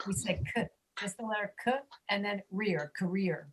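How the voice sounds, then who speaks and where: A woman teaching a pronunciation class over a video call, patiently repeating words slowly for students. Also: mid-range voice, fairly even intonation, fairly bright tone, poor audio. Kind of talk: online class instruction.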